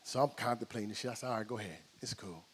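A middle-aged man doing a stand-up comedy set, telling loud, brash, profane stories on stage. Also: lowish voice, very fast, a little hiss or hum. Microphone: handheld stage mic.

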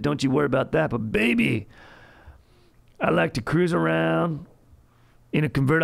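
A man's voice: fairly high pitch, creaky, voice pushed up. A man putting on a leering convertible cruiser. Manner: leering, drawn-out, loud.

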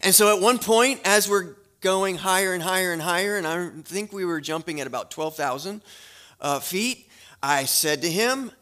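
Guy preaching in church, bright voice, chatty storytelling sermon, kinda high-ish. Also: moderate pace. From Florida. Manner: conversational storytelling with fillers, then prayer. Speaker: guest pastor. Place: church sanctuary.

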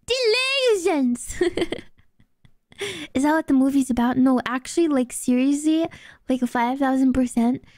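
A woman streaming casually, excitable and giggly, often squealing and laughing. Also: high voice, a little fast, no echo, clean studio sound. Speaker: VTuber streamer. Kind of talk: casual livestream chat.

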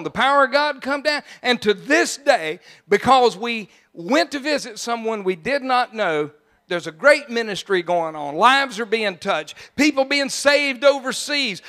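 An older man with a drawl, preaching a sermon with a high-pitched voice. He tells stories in a folksy, conversational way and breaks into bursts of shouting. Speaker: pastor. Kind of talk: sermon with storytelling.

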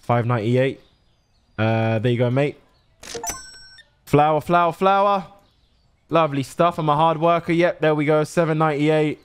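Here the young man's voice sits a little high, clean and natural in tone. Playing a friendly till worker, he briskly calls out prices and looks after customers with upbeat patter.

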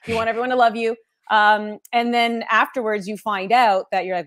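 Animated woman sportscaster telling stories. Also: fairly high pitch, a little fast. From Canada. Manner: animated storytelling, laughs often. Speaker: sportscaster guest. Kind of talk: casual interview chat.

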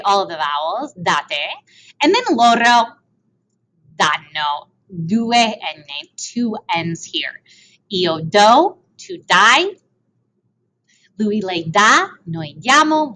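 Over slides, a woman gives a language lesson in a mix of Italian and English, repeating and translating each form and tossing in playful asides. Her medium-pitched voice sounds pushed and bright, and the recording quality is low.

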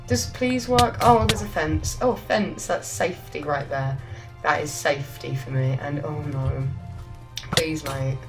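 A woman's voice: deep voice, animated, measured pace, poor audio. Chatty woman gaming. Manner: chatty, rambling, jokey. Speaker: gaming YouTuber. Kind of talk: casual let's-play commentary. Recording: quiet music under the voice.

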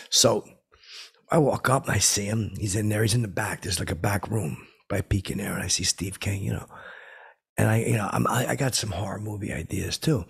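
A man telling a long comedic story in a halting, boastful way, full of filler words and restarts. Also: fairly low pitch, creaky, fairly bright tone, breathy edge. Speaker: comedy character host. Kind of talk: rambling deadpan storytelling.

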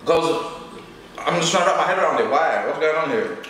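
A man's voice: a little high, expressive, fairly quick, far from the mic. A young man, chatting casually and teasing, laughing often. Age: young adult. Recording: very echoey room, faint noise.

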